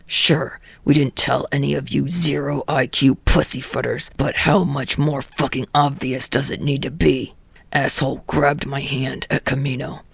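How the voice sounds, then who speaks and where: A woman's voice: extremely low pitch, fairly even intonation, unhurried, creaky, breathy edge, no room sound, pitched below the performer's own voice, full character voice. A woman voicing a foul-mouthed, furious teenage boy student hero in a podfic reading, blunt and crude. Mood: exasperated. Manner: crude, blunt, shouting in anger.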